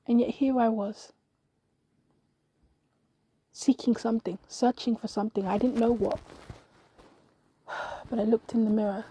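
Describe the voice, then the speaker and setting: A woman reading a scripted dramatic monologue for a podcast, slow and intimate, often sinking to a whisper. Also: on the high side, fairly even intonation, dark tone, slightly rough, no room sound. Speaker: podcast narrator.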